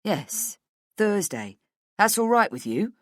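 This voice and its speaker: A woman narrator voicing a calm, firm middle-aged male boss who speaks in a measured, matter-of-fact way. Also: medium pitch, no room sound, clean studio sound, pitched above the performer's own voice.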